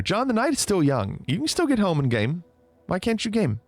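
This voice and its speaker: A man's voice: sits high, wildly swooping pitch, brisk. A man casually chatting on a livestream, reading out viewer comments, teasing and laughing often. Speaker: streamer.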